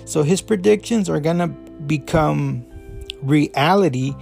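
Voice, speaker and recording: A man's voice: on the high side, slow pace, gravelly, darkish tone, soft background music. A man hosting a podcast, giving a loose, rambling review full of fillers and restarts, a Spanish speaker. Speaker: podcast host. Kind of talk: casual review talk.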